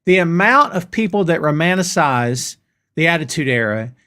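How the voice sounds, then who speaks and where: Animated man ranting on a live stream. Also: on the high side, normal speed. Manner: animated, ranting, addresses chat as "brother" and "dude". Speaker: host of a wrestling show. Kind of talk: live-stream rant reading chat comments.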